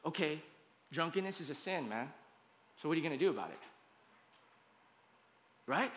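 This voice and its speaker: A man's voice: a little high, expressive, moderate pace, pauses often, a bit bright. A male pastor preaching a conversational sermon, often checking in with his listeners and hammering points with repeated lists. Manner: emphatic, repetitive lists.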